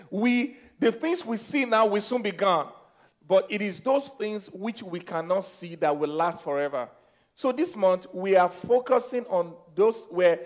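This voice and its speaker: A man preaching a sermon as pastor, repeating phrases, leading the congregation in declarations and swinging from soft teaching to loud exhortation. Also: sits high. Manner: repeats phrases and leads call-and-response declarations.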